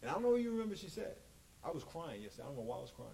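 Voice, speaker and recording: A man preaching a sermon as pastor, animated and joking, acting out quotes. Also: a little high, very fast, creaky, noisy background.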